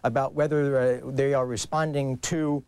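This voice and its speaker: A man's voice: mid-range voice, little pitch movement, moderate pace, darkish tone, clear, resonant tone, dry recording. A male correspondent reporting live from the United Nations, carefully recapping unconfirmed news.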